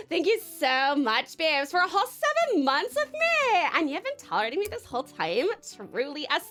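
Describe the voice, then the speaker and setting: A young Australian woman from Tasmania runs a casual live stream, gushing over her viewers in a bubbly, sweary way. Her voice sits high and bright and swings widely in pitch. Faint music plays underneath. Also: wildly swooping pitch, normal speed, few pauses.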